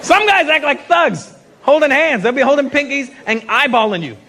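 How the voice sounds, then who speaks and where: A man from Canada doing stand-up comedy, telling animated stories and slipping into quoted voices. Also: very high-pitched, moderate pace. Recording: live show with loud crowd noise. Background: laughing crowd.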